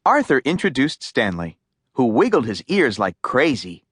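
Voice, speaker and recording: A woman narrating a children's audiobook in a slow, lively storytelling voice. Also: a bass voice, slightly rough, no room sound, studio quality.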